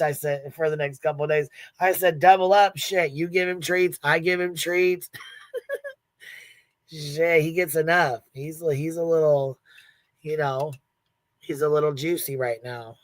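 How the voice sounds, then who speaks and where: A woman's voice: sits low, fairly even intonation, unhurried, no room sound. A woman hosting a livestream in casual commentary, blunt and profane, laughing often as she retells events with quoted asides. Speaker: livestream host.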